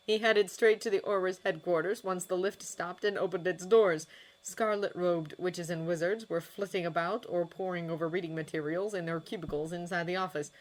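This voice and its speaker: A woman reading a fanfiction audiobook in a steady storytelling manner. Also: fairly low pitch. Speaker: audiobook reader.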